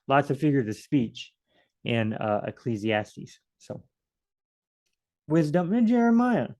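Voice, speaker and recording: A man's voice: medium pitch, sing-song, slow, long pauses, darkish tone. A man leading a casual Bible study, thinking aloud and adding joking asides as he reads verses.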